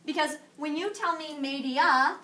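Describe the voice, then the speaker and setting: A woman Spanish teacher giving a playful, animated classroom lesson, quizzing her students. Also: high-pitched, a little slow. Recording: distant classroom camera with faint noise.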